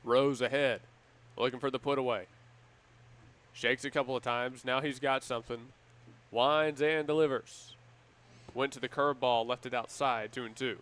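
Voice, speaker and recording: A man doing live play-by-play commentary for a baseball game with energetic, measured play-calling. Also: mid-range voice. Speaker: play-by-play announcer.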